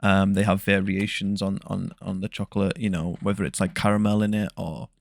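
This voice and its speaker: A young English man speaking softly as an interview guest, in hesitant, soft-spoken chat full of ums. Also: low-pitched, flat delivery, fairly quick, gravelly. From England. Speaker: guest ASMR creator.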